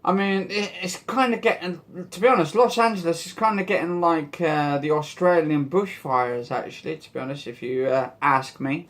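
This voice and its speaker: A man's voice: fairly high pitch, normal speed, hardly any pauses, fairly bright tone. A man hosting a casual news commentary vlog, rambling and joking as he talks and swearing now and then. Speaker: vlog host.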